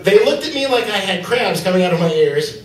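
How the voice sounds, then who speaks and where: A man's voice: high-pitched, animated, a little fast. A man doing a stand-up set, loose and rambling with lots of fillers. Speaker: stand-up comedian. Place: comedy club stage. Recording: echoey club from far off.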